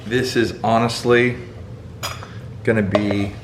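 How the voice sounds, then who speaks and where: A man's voice: on the low side, level tone, slow, background noise. Folksy Southern man cooking. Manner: emphatic, folksy, talks straight to viewers. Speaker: fishing channel host cooking for a guest. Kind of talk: casual on-camera chat while cooking. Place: home kitchen, indoors. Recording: echoey kitchen. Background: food sizzling in a pan.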